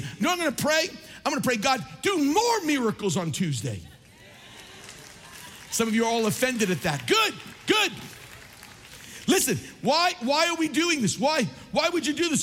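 A man preaching a sermon as pastor, impassioned and building to near shouts. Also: very high-pitched, slight background noise. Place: large church sanctuary. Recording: long reverb of a large hall.

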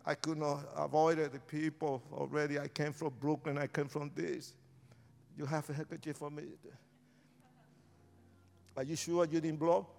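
A man preaching an impassioned sermon and altar call in a large church, swinging from shouts to hushed pleas. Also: a little high, flat delivery, moderate pace, creaky, long pauses, slight background noise. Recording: long reverb of a large hall.

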